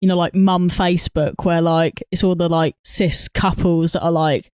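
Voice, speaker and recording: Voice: medium pitch, fairly even intonation, normal speed, clear, resonant tone, no echo, clean studio sound. A co-host chatting casually about films, rambling and laughing often. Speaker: podcast co-host. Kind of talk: casual film review chat.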